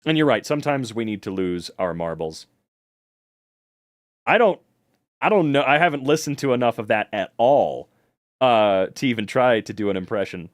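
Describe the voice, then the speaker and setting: A man's voice: mid-range voice, animated, moderate pace, pauses often, dry recording, clean studio sound. A tired man chatting casually on a livestream, reading the chat, rambling and swearing a lot.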